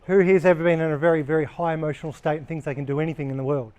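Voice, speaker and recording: A man with a slightly higher-pitched voice runs a workplace training session for a live group. He talks bluntly and casually, with plenty of swearing. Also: fairly even intonation, racing, a little mellow.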